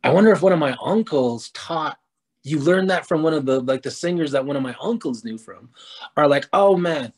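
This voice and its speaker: A man's voice: on the high side, animated, moderate pace. A man presenting at a community talk, telling self-mocking stories with easy laughs. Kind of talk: casual storytelling talk.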